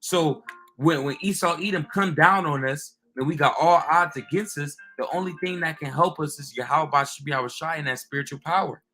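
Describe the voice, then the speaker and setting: Host, American man: bright, forceful preaching rant, a little high, faint music underneath. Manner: emphatic, drawn-out, keeps ending lines with "man". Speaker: religious channel host.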